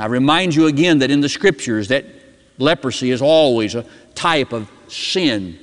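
A middle-aged pastor preaching a sermon and telling a story, dropping his voice low and soft for key words. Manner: storytelling preacher, dramatic drops in pitch and volume. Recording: long hall reverb.

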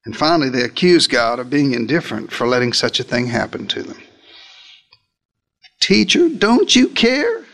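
A man preaching a sermon, dramatic, slowing down to act out the cries he quotes. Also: mid-range voice, fairly bright tone.

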